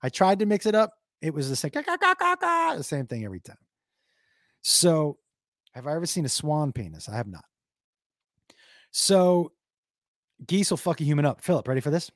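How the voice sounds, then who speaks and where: A man's voice: fairly high pitch, moderate pace, long pauses, no room sound, studio quality. A man streaming to his live chat, telling stories casually, swearing a lot and doing silly noises. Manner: profane, animated, does silly noises. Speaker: comedian streamer reading chat.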